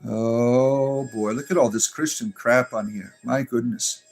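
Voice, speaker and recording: A man's voice: mid-range voice, steady tone, measured pace. A man with a mid-range voice hosts a livestream, reading chat comments aloud and answering them. He sounds exasperated and sarcastic, and his talk is full of ums and uhs. Faint music plays behind him. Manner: exasperated, sarcastic, with many fillers. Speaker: pagan clergy livestream host.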